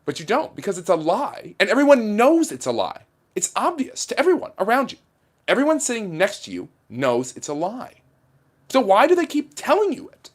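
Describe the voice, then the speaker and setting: A man's voice: high-pitched, wildly swooping pitch, moderate pace, pitched above the performer's own voice, heavily acted. A man putting on the voice of an indignant male TV pundit, in a mocking, incredulous delivery during a livestream. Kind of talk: livestream impression.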